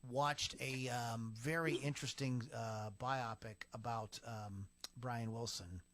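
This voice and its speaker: A man's voice: medium pitch, fairly even intonation, takes it slowly, fairly bright tone. A man hosting a casual podcast, rambling with plenty of fillers and restarts. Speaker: podcast host. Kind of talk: casual chat.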